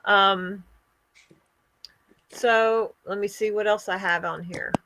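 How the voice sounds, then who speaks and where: A woman hosting an online group call, talking in a slow, earnest, lecturing way. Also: mid-range voice, steady tone, bright, forceful tone, a little hiss or hum. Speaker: host of an online hangout. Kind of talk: casual group chat.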